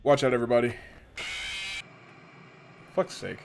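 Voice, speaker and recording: A man's voice: lowish voice, lively intonation, moderate pace, pauses often, slight background noise. A man from the western United States chatting casually and profanely while streaming a game, rambling with lots of slang. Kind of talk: casual gameplay chat.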